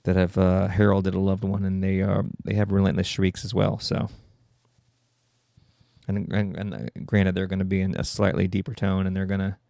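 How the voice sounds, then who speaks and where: Guy with a low gravelly voice rambling thru a comedy podcast bit, cursing a lot, dark mellow tone, dry close sound. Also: completely flat delivery, normal speed, no room sound. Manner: riffing, self-interrupting, profane. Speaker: podcast host.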